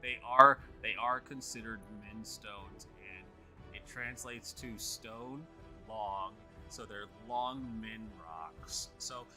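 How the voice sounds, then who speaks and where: A man's voice: on the low side, slow pace, sharp tone, soft background music. A man running a tabletop game as game master, loose and joking.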